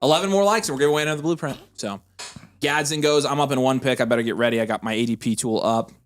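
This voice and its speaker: A man co-hosting a casual fantasy football livestream, reading chat aloud in an animated, excitable way. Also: mid-range voice. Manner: animated and excitable, quick to vent frustration.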